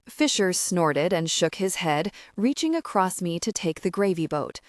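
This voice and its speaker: A woman narrating a first-person story for an audiobook in an even, measured way. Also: lowish voice, no room sound, studio quality.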